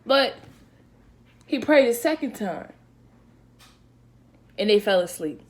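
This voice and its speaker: A woman, a Christian speaker, giving a casual devotional talk in a lively, conversational and slangy way, often checking in with "right?". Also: on the high side, slow pace.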